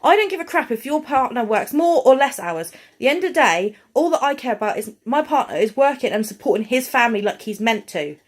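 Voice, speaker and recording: A woman's voice: fairly high pitch, sing-song, a little fast, hardly any pauses. A young woman vlogging, ranting bluntly and heatedly to camera, with frequent swearing.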